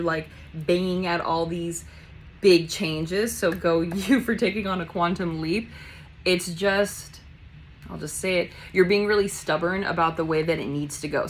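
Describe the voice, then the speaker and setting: A woman doing a casual tarot reading, chatty and blunt, swearing casually and acting out quick voices in her asides. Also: lowish voice, a little hiss or hum, poor audio. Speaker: tarot reader.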